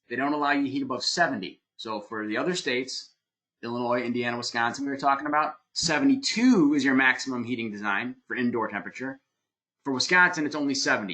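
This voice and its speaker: A man's voice: mid-range voice, sharp tone. A man presenting an online webinar lecture, plainspoken and emphatic, explaining things step by step with some fillers, on a computer mic. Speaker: webinar presenter on heating and cooling design.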